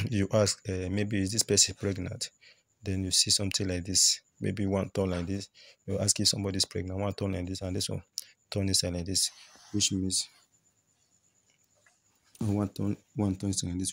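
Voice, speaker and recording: A man's voice: deep voice, level tone, moderate pace, pauses often, fairly bright tone, no echo. A man teaching cowrie shell reading, explaining with repetition as he points out each shell. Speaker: spiritual teacher.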